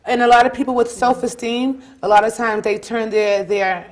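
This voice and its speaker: A woman's voice: fairly high pitch, steady tone, normal speed. A woman hosting a casual talk show, encouraging her young guests with questions and often repeating herself.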